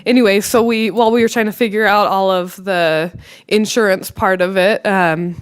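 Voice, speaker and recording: Tearful mother, halting story. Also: mid-range voice, fairly even intonation, clean tone. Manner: halting, many fillers and restarts, self-deprecating. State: emotional, near tears. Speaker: parent panelist. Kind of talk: personal story at a conference panel.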